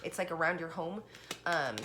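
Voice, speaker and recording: A woman giving a casual tarot reading, chatty and excited, talking straight to the viewer and a little out of breath. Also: on the low side, normal speed, noisy background. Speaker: tarot card reader.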